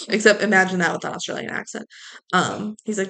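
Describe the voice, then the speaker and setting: Podcast lady recapping a movie, lots of vocal fry, laughs a lot. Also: mid-range voice, lively intonation, brisk, sharp tone. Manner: chatty, laughing, quoting characters in put-on voices. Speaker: podcast co-host. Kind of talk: casual movie recap chat.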